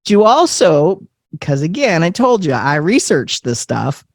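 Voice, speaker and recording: Lively man telling a story, dry sound. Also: on the high side, unhurried, creaky, no echo. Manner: animated storyteller, laughs often, acts out quotes. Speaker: podcast guest. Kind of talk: casual storytelling in an interview.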